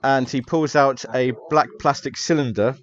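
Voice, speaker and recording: A man's voice: mid-range voice, moderate pace. A man narrates a tabletop horror game in an easygoing, casual manner with a middling voice. The recording sounds a little dull and lo-fi. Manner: relaxed, casual narration with fillers. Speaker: game master. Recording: slightly dull lo-fi audio.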